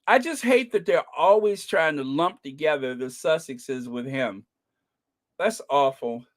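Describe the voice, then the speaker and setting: A royal-commentary vlogger delivers scornful, animated remarks at an unhurried pace. The pitch swoops up and down expressively while reading viewer comments and news snippets aloud, with laughter never far away. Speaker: royal commentary channel host.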